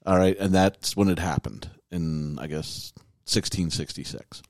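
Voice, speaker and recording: A man with a very deep voice hosts a casual podcast, reading old prophecies aloud and breaking them down. He keeps it loose and joking, full of fillers and restarts. The sound is dry and close. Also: measured pace, creaky, no echo. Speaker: podcast host.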